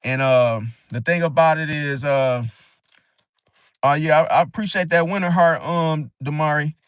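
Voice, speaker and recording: Casting: man, slightly high voice, AAVE speech, rambling talk-show host with frequent restarts, dry mic. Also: fairly even intonation, clean tone, no room sound. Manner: rambling, halting, frequent "see?" tag. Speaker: astrology channel host. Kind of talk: casual livestream talk.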